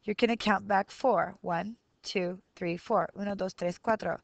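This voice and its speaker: A woman's voice: medium pitch, fairly even intonation, moderate pace, gravelly, dry recording. A woman in her thirties teaching a grammar lesson on video, explaining patiently and counting syllables aloud as she thinks through each example. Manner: switches between Spanish and English explanations, counting syllables aloud. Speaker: Spanish teacher.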